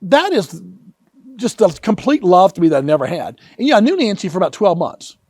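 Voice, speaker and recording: A man in his fifties, an author telling personal stories in an earnest, animated way. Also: high voice, fairly quick, slightly rough, dry recording, studio quality. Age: 50s. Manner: animated, earnest, vivid retelling. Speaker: author and guest. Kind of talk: emotional personal storytelling.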